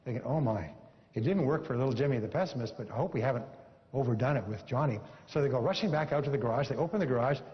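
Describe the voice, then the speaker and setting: Before an audience in a seminar hall, a motivational speaker delivers a live speech, telling a story with animation and repeating lines emphatically for effect. His voice is mid-range and he talks fast. The recording is echoey and has a dull, lo-fi quality.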